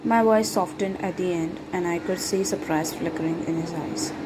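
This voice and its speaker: A woman reading a first-person romance story aloud in a dramatic, lovestruck manner, over steady background noise. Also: on the low side, normal speed. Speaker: fan fiction reader.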